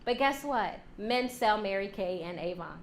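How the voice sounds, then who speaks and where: A woman giving a lively workshop talk to a women's leadership class, joking and acting out quoted voices. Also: medium pitch, normal speed. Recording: echoey room, faint hum.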